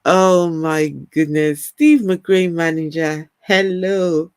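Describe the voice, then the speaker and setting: A woman's voice: lowish voice, takes it slowly, darkish tone, clear, resonant tone, no echo. A woman from Africa with a mixed African and British accent, hosting a casual livestream and chatting with her viewers. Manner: chatty, repeats words, laughs often. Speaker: livestream host. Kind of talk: casual livestream chat reading comments.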